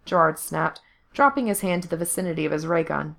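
Woman reading fiction aloud, lowish voice. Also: brisk, creaky, a bit bright. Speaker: narrator.

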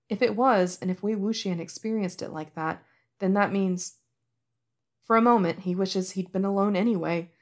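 Soft-spoken woman narrating a story. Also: on the low side. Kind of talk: audiobook narration of fan fiction.

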